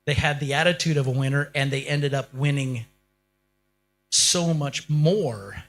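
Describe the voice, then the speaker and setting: A man's voice: mid-range voice, measured pace, a bit bright. A man delivering a motivational keynote speech, firing rhetorical questions at the audience and building up to short, punchy lines. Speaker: keynote speaker.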